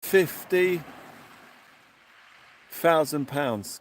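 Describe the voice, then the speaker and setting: A man hosting a casual fishing livestream outdoors at night, excitedly thanking viewers. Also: fairly high pitch, unhurried, pauses often, a little hiss or hum. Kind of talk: casual live chat.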